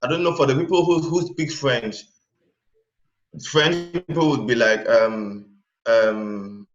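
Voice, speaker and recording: A man speaking as an interview guest in casual chat, pausing to search for examples mid-sentence. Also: medium pitch, faint music behind. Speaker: interview guest, language learner. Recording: echoey, dull sound.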